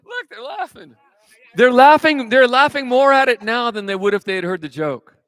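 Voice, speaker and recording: A man's voice: extremely high pitch, expressive, normal speed, a bit bright, dry recording. A man from California who is a singer-songwriter, chatting and telling self-mocking jokes between songs at a live show. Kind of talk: stage banter and joke-telling between songs.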